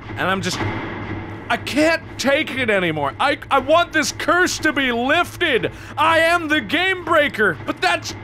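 A man voicing let's-play commentary who swings wildly up and down in pitch and bursts into shouts as he taunts the game. His voice sits high for a man, and clear background noise runs under the recording. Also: slow. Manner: excitable, taunting, shouts and mock drama. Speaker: gaming commentator.

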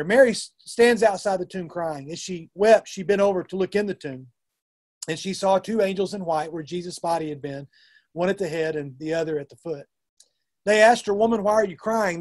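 A man's voice: high voice, a little mellow. A middle-aged man with a Southern US accent, a youth minister giving an earnest, conversational talk to fellow ministers with frequent restarts.

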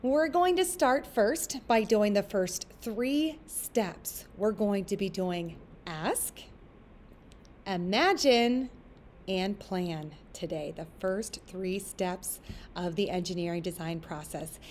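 A school librarian speaking to young children in a recorded lesson, explaining things step by step. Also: female voice, medium pitch, takes it slowly, a little mellow, a little hiss or hum. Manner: friendly teacher explaining step by step.

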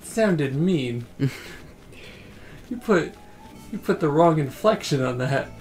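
A man's voice: on the high side, animated, slow, darkish tone, soft background music. A man streaming a game casually, rambling as he plays and reading chat messages aloud.

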